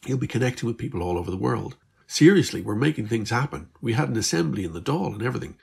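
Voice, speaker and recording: A man's voice: mid-range voice, lively intonation, rapid-fire, gravelly, slightly rough, pitched above the performer's own voice, exaggerated voice. A man voicing Beth, an Irish teenage girl who is weary but hopeful, in a slightly raised, chatty, earnest voice. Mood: reassuring.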